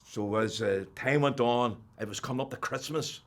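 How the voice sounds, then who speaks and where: An older man with a Northern Irish accent, telling his personal faith testimony as an animated storyteller who drops to a hush and then rises loud. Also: mid-range voice, normal speed. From Northern Ireland. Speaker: testimony speaker.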